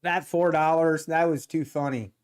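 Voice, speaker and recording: Man, live stream host, excitable, laughs a lot, high voice. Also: moderate pace, clear, resonant tone. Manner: excitable, laughs often, repeats himself. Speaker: day-trading livestream host.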